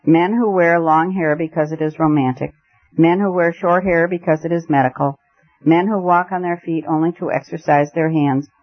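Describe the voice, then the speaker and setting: A man reading a classic novel aloud as narrator, in a steady storytelling manner. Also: a little high, moderate pace. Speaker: audiobook narrator. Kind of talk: scripted narration. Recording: muffled lo-fi recording.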